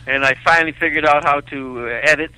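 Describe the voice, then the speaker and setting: A man's voice: on the high side, fast, sharp tone, clean tone, no echo, poor audio. A man in a played soundboard clip, impatient and exasperated. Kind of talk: soundboard drop.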